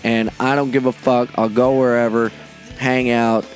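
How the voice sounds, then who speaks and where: Brash, excitable comedian hosting his podcast. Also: mid-range voice, normal speed, faint music behind. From Delaware. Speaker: podcast host and stand-up comedian. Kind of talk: casual podcast monologue.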